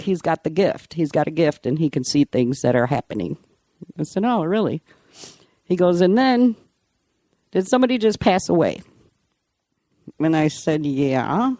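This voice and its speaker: A woman's voice: deep voice, warm tone, no echo, clean studio sound. A middle-aged woman, a podcast guest, telling stories in a chatty way and often laughing between lines. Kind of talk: casual storytelling.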